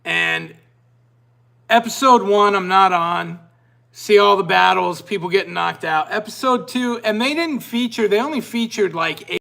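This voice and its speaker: A man with a high, gravelly voice hosts his own podcast. He tells a personal story in a loose, rambling way, restarting sentences as he goes. His tone is bright and tense. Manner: animated, rambling, self-interrupting. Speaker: podcast host. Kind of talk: casual storytelling.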